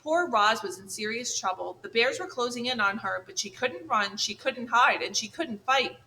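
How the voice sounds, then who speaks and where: A woman narrating a children's audiobook in a clear, measured way. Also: fairly high pitch, lively intonation, pushed and bright, rough recording.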